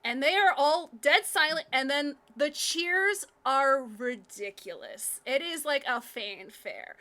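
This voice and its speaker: Gm, woman, high bright voice, lively storyteller who laughs a lot. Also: slow. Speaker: game master. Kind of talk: narrating a live tabletop game.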